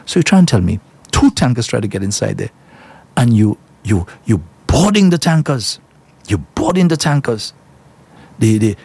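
A man's voice: medium pitch, vocal fry, darkish tone, husky. A man giving opinionated solo commentary to listeners, talking emphatically, repeating himself for effect. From Saint Lucia. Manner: emphatic, repetitive, indignant, addresses listeners as folks.

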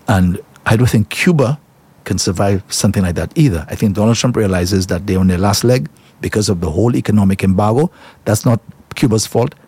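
A man's voice: lowish voice, fairly quick, mellow, breathy edge. A man giving opinionated solo commentary to listeners, talking emphatically, repeating himself for effect. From Saint Lucia. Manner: emphatic, repetitive, indignant, addresses listeners as folks.

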